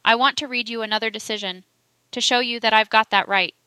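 A woman reading the lines of a forceful male prosecuting solicitor, pressing and emphatic in his questions. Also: fairly high pitch, fairly even intonation, a little fast, clear, resonant tone, no room sound.

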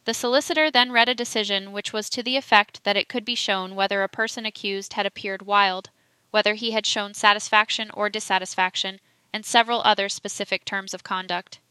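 A woman narrating an audiobook reading of a historical trial report, steady and even. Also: medium pitch, a little fast, clean tone, no room sound.

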